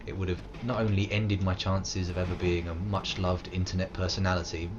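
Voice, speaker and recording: A British man in his thirties giving live commentary while he plays, self-mocking and swinging from loud outbursts to low mutters. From United Kingdom. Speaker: streamer. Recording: muffled with steady background hiss.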